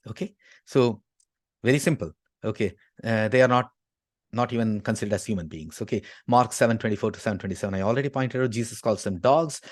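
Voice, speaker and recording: A man's voice: medium pitch, no room sound, studio quality. A man from Tamil Nadu, giving an argumentative lecture and dropping "okay" between his points. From Tamil Nadu, India. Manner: emphatic, constantly inserts "okay". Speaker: speaker at a talk.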